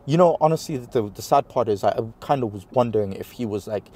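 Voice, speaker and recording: This interview guest talks fast in a mid-range voice and carries a New York accent. Animated as he retells a personal story, he voices the quoted lines himself and peppers everything with fillers.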